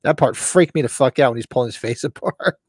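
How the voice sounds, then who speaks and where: A man's voice: medium pitch, fast talker, slightly rough, no room sound, studio quality. A middle-aged man hosting a live movie watch-along, chatting casually and acting out voices in his anecdotes. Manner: animated storytelling, acts out voices in anecdotes. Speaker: host. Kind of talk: casual chat.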